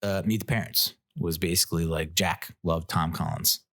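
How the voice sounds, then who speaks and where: A man's voice: low-pitched, steady tone, normal speed, creaky, bright, forceful tone, no room sound, studio quality. A man hosting his own podcast, telling a rambling, self-mocking story and laughing at his own jokes. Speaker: podcast host. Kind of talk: casual solo podcast storytelling.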